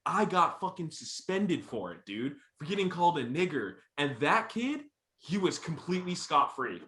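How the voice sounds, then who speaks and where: A man's voice: a little high, big pitch swings, moderate pace, a bit bright. A young man co-hosting a casual podcast, telling school stories and laughing often. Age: young adult. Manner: laughing, storytelling. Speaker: podcast co-host. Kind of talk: casual chat. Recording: echoey room.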